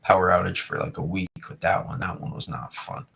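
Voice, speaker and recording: A young man from New England rambles through a casual live stream, talking straight to his chat and often repeating himself. His voice sits very low with a gravelly, fried edge. It has a loose, offhand flow. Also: a little fast, pushed and bright. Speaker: weather streamer.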